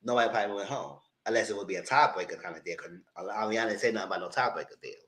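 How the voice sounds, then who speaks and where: This live reality TV recap comes from a man talking very fast in a fairly bright voice. He's sassy, blunt and slangy, and now and then mocks people in a squeaky high voice.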